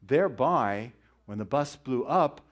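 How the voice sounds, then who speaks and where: A man's voice: medium pitch, animated, measured pace. A middle-aged man teaching a conversational sermon, wandering into joking asides and rhetorical questions. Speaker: Bible teacher.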